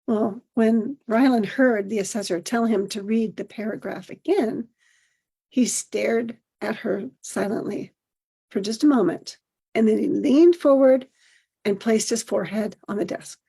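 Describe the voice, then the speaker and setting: Soft-spoken woman reading a personal story. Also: a little high, creaky, slightly rough. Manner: gentle, measured storytelling. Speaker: podcast host. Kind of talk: reading a personal essay aloud.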